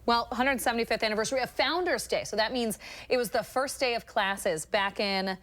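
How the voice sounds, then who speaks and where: A woman's voice: on the high side, fairly quick, fairly bright tone. A woman co-anchoring a morning TV news show, chatting in an upbeat, teasing way. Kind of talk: casual on-air banter. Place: TV news studio.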